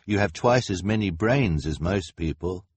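A blunt, kindly hunchbacked man in a storybook, as a narrator voices him, low and husky in a dry recording. The delivery is plain and matter-of-fact. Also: expressive, moderate pace, no room sound.

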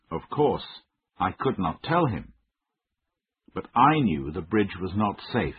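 A man reading a storybook aloud slowly, with a very husky voice, his pitch rising and falling widely. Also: big pitch swings, no echo. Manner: slow, with wide swings of pitch. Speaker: storybook narrator. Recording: tinny narrow-band recording, dry.

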